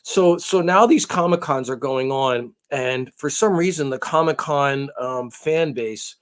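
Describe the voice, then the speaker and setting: A man's voice: medium pitch, measured pace. A man co-hosting a casual podcast, rambling and hesitant, with many restarts. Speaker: podcast co-host. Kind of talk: casual chat.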